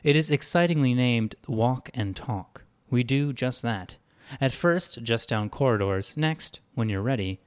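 A calm synthetic man, voiced by a male storyteller, formal and unmoved. His replies come measured and matter-of-fact, in a mid-pitched voice. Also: smooth, close to an everyday voice.

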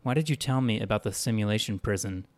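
A man's voice: fairly low pitch, fast talker, natural voice. A man doing a determined woman space traveler. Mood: questioning. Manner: pointed, pressing questions. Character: determined woman spacefarer, searching for her husband.

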